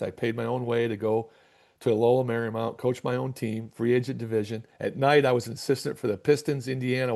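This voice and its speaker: A middle-aged man with a gravelly, mellow voice spins a story for a podcast interview. He acts out both sides of old conversations, stumbling and repeating words as he goes. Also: medium pitch. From Michigan. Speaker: basketball coach, guest.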